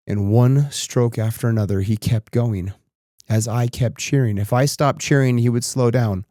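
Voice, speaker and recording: A man's voice: medium pitch, steady tone, moderate pace, mellow, no room sound, studio quality. A man in his thirties hosting a podcast, telling a personal story in a reflective way that turns emotional and tearful. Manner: reflective, becomes emotional and tearful while recounting. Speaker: podcast host.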